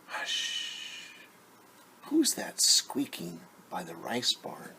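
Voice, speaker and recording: A man, a teacher, reading a picture book aloud to children in a gentle, hushed way, often dropping to a whisper and explaining new words simply. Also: lowish voice, animated, a little slow, creaky, a little hiss or hum.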